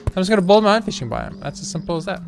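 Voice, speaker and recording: A man's voice: high voice, big pitch swings, racing, gravelly. A young man commentating his gameplay in a casual, sarcastic, mock-boastful way, swearing freely. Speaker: let's play host. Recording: game music playing behind. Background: game music.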